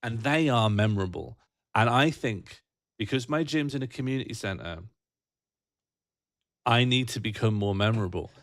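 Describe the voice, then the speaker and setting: A man's voice: medium pitch, expressive, normal speed, pauses often, a bit bright, dry recording, clean studio sound. A British man hosting a livestream, chatting casually and reading out viewer comments in a rambling, jokey, self-mocking way. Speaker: livestream host.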